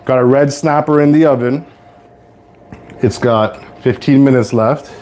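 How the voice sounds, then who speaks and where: A young man from Toronto hosting a casual live cooking stream, rambling to viewers in relaxed slang from his home kitchen. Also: mid-range voice, a little slow, a little hiss or hum. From Toronto, Canada. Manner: laid-back rambling slang-heavy talk to viewers. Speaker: livestream host.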